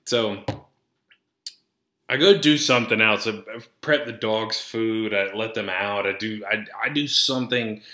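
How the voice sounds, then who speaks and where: Man, casual rambling podcast monologue, lots of swearing, lowish pitch, roomy echo. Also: a little slow, pushed and bright. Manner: profane, rambling, easily sidetracked. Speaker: podcast host.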